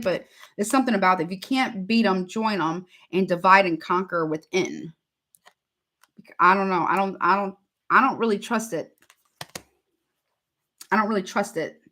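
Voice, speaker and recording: A tarot reader gives a casual live reading, chatty and repetitive, calling her viewers honey. Her voice is medium-pitched with a sharp tone.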